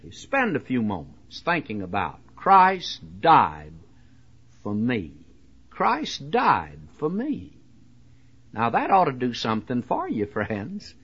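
A man's voice: medium pitch, a bit bright, slightly rough. A man preaching a radio sermon, earnest and pleading, repeating his phrases with frequent "uh" fillers. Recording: dull lo-fi old radio broadcast.

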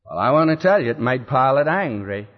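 Heard in a dull, lo-fi recording from a hall, a man preaches an expository sermon a little fast, his mid-range voice very animated. He dramatizes the lines he quotes and puts rhetorical questions to those listening.

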